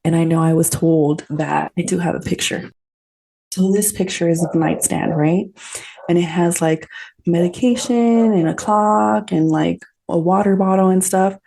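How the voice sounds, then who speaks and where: A woman's voice: on the low side, moderate pace, gravelly, dark tone. A woman hosting a podcast, telling a personal story in a candid, earnest, conversational way with lots of fillers. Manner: candid, conversational, many fillers and tag questions; earnest, emotionally open. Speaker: podcast host.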